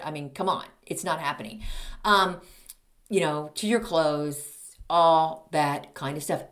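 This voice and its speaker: A woman's voice: lowish voice, animated, measured pace, a bit bright. A woman in her fifties, a podcast host, telling a comedic story in a snarky, exasperated way.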